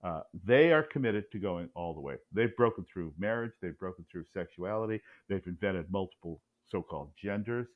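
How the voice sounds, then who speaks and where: A man's voice: deep voice, expressive, moderate pace, hardly any pauses, phone-quality sound. A man speaking as a guest in an interview, blunt and combative, acting out quoted exchanges as he talks. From United States. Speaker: author and cultural commentator, guest.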